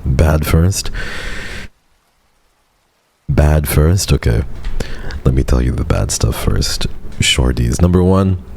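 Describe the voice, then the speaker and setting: Male streamer with a very deep, dark voice, soft and flat, easing a sore throat. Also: slow, vocal fry, long pauses, husky. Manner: soft-spoken and subdued, flat monotone delivery. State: sore throat, speaking gently to spare it. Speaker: VTuber streamer. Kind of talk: casual livestream chat.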